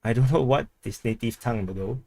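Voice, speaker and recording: A man's voice: medium pitch, a little fast, mellow. A man from Singapore with a Singaporean English accent, hosting a live stream and chatting casually as he reads viewer comments, often repeating words and laughing.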